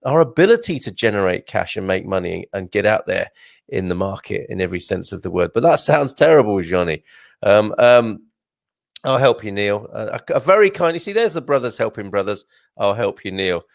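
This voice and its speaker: A man's voice: lowish voice, big pitch swings, normal speed, creaky, no echo, studio quality. A man hosting a casual live stream, chatting in a rambling way, laughing often and restarting his sentences. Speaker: host reading viewer comments.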